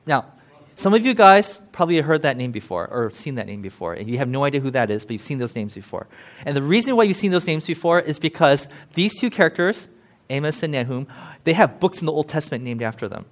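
A man, a pastor, preaching a casual, chatty sermon, laughing often and acting out quoted voices. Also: on the high side.

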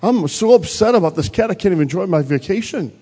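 A whiny, indignant church lady mourning her cat, as a preacher puts her on in a raised, pinched voice. She complains loudly, and a long church reverb trails every word. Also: high-pitched, lively intonation, quick pace, breathy edge, pitched above the performer's own voice. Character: upset churchgoing woman grieving her cat.

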